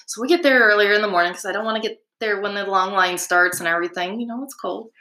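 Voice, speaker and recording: A woman's voice: mid-range voice, fast, pushed and bright, echoey room, slight background noise, poor audio. A woman guest telling a story in a chatty, rambling, casual way, laughing now and then.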